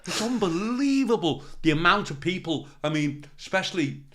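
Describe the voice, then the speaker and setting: An older man, a comedian telling stories in an interview, animated and swearing freely as he acts out the people in them. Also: high voice, normal speed. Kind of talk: anecdotal interview storytelling.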